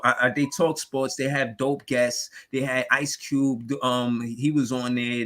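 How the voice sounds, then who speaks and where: A man's voice: mid-range voice, a bit bright. Rambling New man hosting a podcast. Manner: rambling, heavy on filler phrases. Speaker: podcast host. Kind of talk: casual sports podcast talk.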